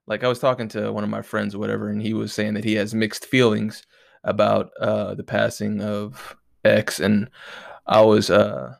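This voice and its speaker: Solo host, male, stuffy nose, low gravelly voice, loose profane chatter, dry close sound. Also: level tone, moderate pace, no room sound. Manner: laid-back, rambling, profane slang. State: nasal, stuffed up from allergies. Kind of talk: casual solo talk.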